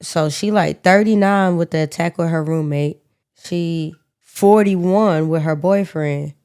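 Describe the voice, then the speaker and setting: A woman's voice: lowish voice, unhurried, a little mellow, clean tone. A woman co-hosting a podcast, telling a true-crime story in a casual, slangy, profane way with joking asides. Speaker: podcast co-host.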